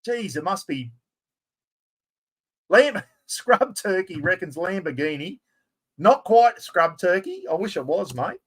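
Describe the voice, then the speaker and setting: A middle-aged Australian man runs a live giveaway stream in a casual, chatty way. His voice sits a little higher than most men's. He talks in an excitable, blokey style, full of slang. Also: takes it slowly, long pauses, slightly rough. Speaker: livestream host.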